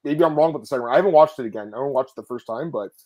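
Fast-talking, animated male podcast host. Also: mid-range voice. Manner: rambling, animated storytelling with laughs and swearing; addresses viewers as guys. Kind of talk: casual MMA podcast chat.

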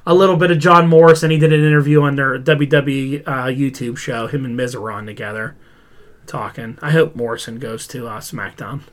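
A man's voice: mid-range voice, steady tone, brisk. A man co-hosting a casual wrestling podcast, rambling and retelling stories with lots of "he's like". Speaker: podcast co-host.

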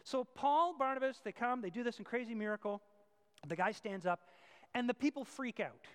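A male pastor preaching a sermon, switching between loud emphatic points and quiet asides. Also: very high-pitched, normal speed, smooth, big-room sound.

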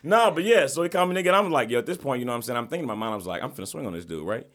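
A man hosting a podcast, telling an animated story in casual chat with slang and profanity. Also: medium pitch, very fast. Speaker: podcast host.

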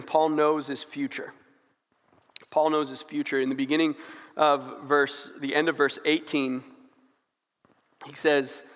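A young male preacher gives a sermon in a church with a long, ringing reverb. His voice sits a little high, and his delivery is loose and conversational, full of "like," and grows more fervent as he goes. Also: fairly bright tone. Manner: conversational, frequent "like" fillers, rising fervor.

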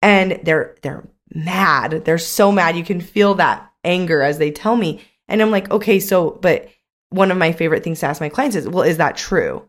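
A woman's voice: on the low side, moderate pace. A young adult woman co-hosting a casual podcast chat as a coach, talking in a chatty way with many "like" fillers.

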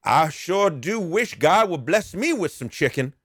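A man voicing a pushy street beggar who drawls and wheedles in a slow, sing-song way. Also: fairly high pitch, sing-song, fairly bright tone, no room sound, studio quality, voice pushed up, exaggerated voice. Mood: wheedling.

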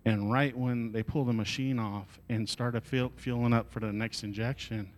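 A man's voice: mid-range voice, steady tone, moderate pace. A male pastor delivering a sermon at a church service, telling an emotional story and moving into fervent prayer.

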